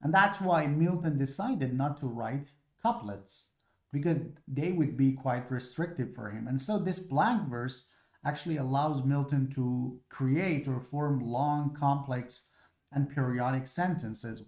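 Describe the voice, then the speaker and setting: A man's voice: mid-range voice, a little slow, darkish tone. Persian-accented man lecturing, echoey room. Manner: explanatory, repeats words and uses "you know" often. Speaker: literature lecturer. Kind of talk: recorded lecture.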